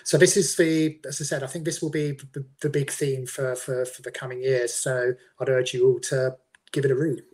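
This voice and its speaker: A man giving a measured analyst's update, a touch hesitant, with a fairly even, flat pitch. Plain and steady. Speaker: guest analyst. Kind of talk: presentation.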